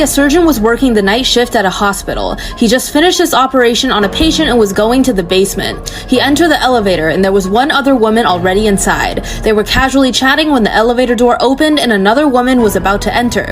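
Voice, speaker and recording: Brief: woman, scripted creepy-story narration, slightly high voice, loud music underneath. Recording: voice over loud background music.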